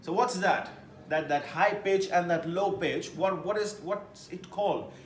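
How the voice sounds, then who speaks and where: A man teaching a test-prep class, lecturing with lively emphasis and putting questions to his students. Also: high voice, measured pace, roomy sound, slight background noise.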